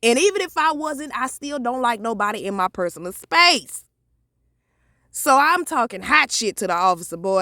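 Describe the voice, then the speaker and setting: A woman, telling a profane, animated story in a vlog. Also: fairly high pitch, no room sound, clean studio sound. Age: 30s. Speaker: vlogger.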